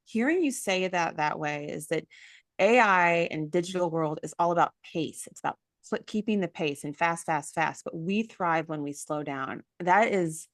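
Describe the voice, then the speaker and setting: A woman in her forties hosting an interview, emotional and gushing, quick to cut in with her own stories. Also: fairly low pitch, no room sound, clean studio sound. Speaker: summit host. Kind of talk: casual interview chat.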